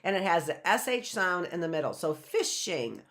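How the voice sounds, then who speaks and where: A woman's voice: on the low side, sing-song, normal speed, fairly bright tone. A middle-aged woman teaching an online phonics lesson, patiently repeating and sounding out words for young learners.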